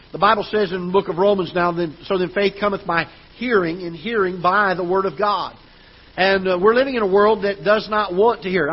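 Earnest high-voiced pastor preaching. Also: male voice, husky, lo-fi sound. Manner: earnest, repeats words as he restarts. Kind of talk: sermon. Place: church auditorium.

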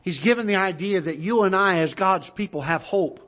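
A man in his fifties with a Midwestern American accent, preaching a sermon and telling a personal story in an earnest way, with pauses and restarts. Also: high voice. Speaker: pastor. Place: church auditorium. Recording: muffled church broadcast audio.

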